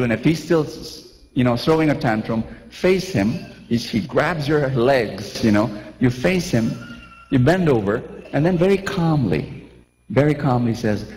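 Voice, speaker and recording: A preacher in his forties gives an animated sermon, firing questions at his listeners and acting out little scenes. His voice sits on the higher side for a man. A long church reverb trails each phrase. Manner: lively, asks the crowd questions, acts out scenes. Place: large church.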